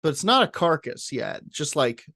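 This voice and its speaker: A man's voice: a little high, very animated, normal speed, vocal fry, sharp tone, no room sound. A man with a slightly raised voice banters on a comedy podcast, tossing off jokes and silly riffs. The recording is dry and close, with no room sound. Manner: jokey, riffing, playful voices. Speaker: podcast co-host. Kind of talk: casual comedy chat.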